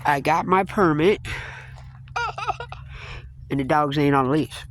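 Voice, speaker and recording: A woman's voice: deep voice, wildly swooping pitch, slow pace, dry recording. A woman telling a story in a casual vlog, blunt and chatty, with a folksy way of talking. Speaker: vlogger.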